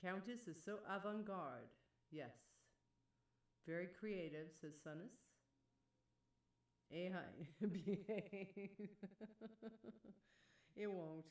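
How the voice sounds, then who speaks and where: Slow-talking woman streamer. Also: lowish voice, roomy sound, recorded from a distance. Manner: chatty, laughs often, reads chat aloud. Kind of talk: casual live-stream chat.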